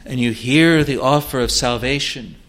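At a moderate pace, a man delivers an earnest, pleading sermon. He alternates between loud exhortation and quiet, low-voiced asides.

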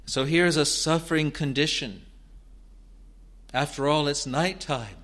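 A man preaching an expository sermon in a deliberate, earnest way, building to emphatic rises. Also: a little high, fairly bright tone.

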